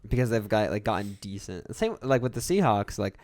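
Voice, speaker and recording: A man's voice: on the low side, very animated, a little fast, darkish tone. Laid-back young man leading the chat. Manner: loose, laughing, steers the topics. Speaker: podcast co-host. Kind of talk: casual sports chat.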